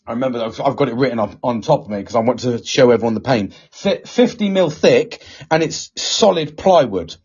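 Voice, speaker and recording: A man telling a story in casual chat as a podcast host, animated and swearing a lot. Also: medium pitch, brisk, hardly any pauses, slightly rough. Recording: dull lo-fi recording.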